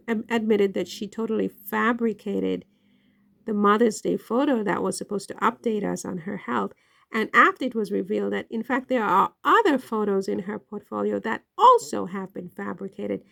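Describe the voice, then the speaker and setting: A woman's voice: mid-range voice, normal speed, vocal fry, fairly bright tone. A woman giving casual online commentary, emphatic and questioning, often checking in with "right?".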